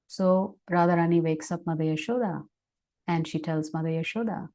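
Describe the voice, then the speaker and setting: A woman speaker giving a devotional class on a video call, telling a sacred story in an animated way, then teaching reflectively. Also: fairly low pitch, moderate pace. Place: online class session.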